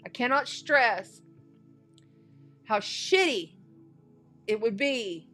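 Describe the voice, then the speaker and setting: A woman's voice: a little high, expressive, drawn-out words, pushed and bright, soft background music. A woman giving a casual spiritual tarot and astrology reading, chatty and folksy, repeating phrases for emphasis.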